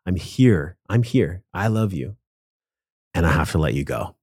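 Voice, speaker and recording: A man's voice: low voice, expressive, a little slow, a little mellow, husky, no room sound, studio quality. A man as a podcast guest, telling a personal story in an earnest, emotional, casual way with some swearing.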